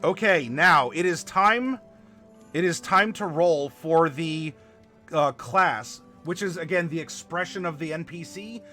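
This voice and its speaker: A man hosting a live tabletop worldbuilding stream, chatting to viewers and halting over fillers as he spells out dice commands. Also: a little high, sharp tone, faint music behind. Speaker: game master and stream host.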